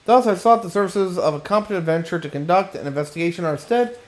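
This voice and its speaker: A man's voice: sits high, fast talker, pitched above the performer's own voice, natural voice. A man voicing a formal, weary male garrison officer from a game, reading the dialogue plainly.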